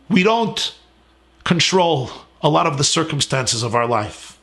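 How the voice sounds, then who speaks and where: Earnest high-voiced rabbi teaching from home. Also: male voice, sing-song, measured pace, creaky, fairly bright tone. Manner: earnest, emphatic, lists words in rising cadence. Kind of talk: sermon-style class. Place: his home.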